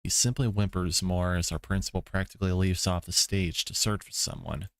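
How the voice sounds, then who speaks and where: A man's voice: low voice, steady tone, brisk, creaky, dry recording. A man streaming a visual novel, reading the story aloud with laid-back commentary, swearing asides and chuckles. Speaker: let's play streamer.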